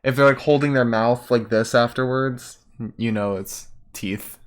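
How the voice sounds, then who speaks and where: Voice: mid-range voice, a little slow, clean tone. A podcast co-host chatting casually about a wrestling match, easygoing and laughing along. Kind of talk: casual wrestling recap chat.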